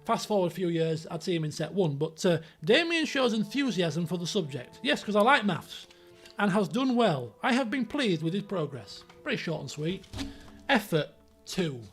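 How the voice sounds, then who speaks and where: A man's voice: high voice, normal speed, faint music behind. A man, telling rambling stories from his school days on a live stream and acting out the people in them. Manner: animated, rambling anecdotes with acted-out quotes. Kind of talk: casual storytelling on a live stream.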